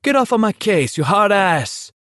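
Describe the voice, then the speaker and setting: A man voicing an excitable, defiant Italian male fruit vendor with an Italian accent, shouting in broken English. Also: high-pitched, normal speed, dry recording, studio quality, pitched above the performer's own voice.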